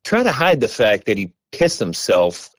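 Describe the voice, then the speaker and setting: A man on a podcast chatting casually, telling a story with swearing and quick jumps in his voice. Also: dry recording. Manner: lively, swearing, jumps between pitches. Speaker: podcast co-host.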